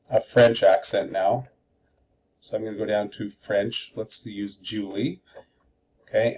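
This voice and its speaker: A man's voice: lowish voice, a little mellow, rough recording. A male teacher giving a screencast tutorial, explaining methodically step by step.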